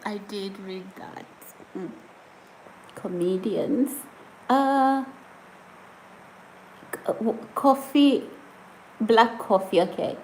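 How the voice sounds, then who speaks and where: A woman's voice: mid-range voice, a little mellow, a little hiss or hum, poor audio. A woman chatting casually on a live stream, reading viewer comments aloud and often breaking into giggles. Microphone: phone or camera set on a surface.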